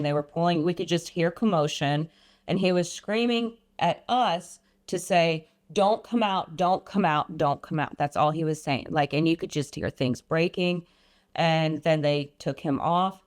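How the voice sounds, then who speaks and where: A woman guest on a podcast, earnestly recounting a personal experience, often pausing and restarting her sentences. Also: deep voice. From Iran. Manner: earnest, halting, frequent restarts and ums. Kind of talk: personal storytelling.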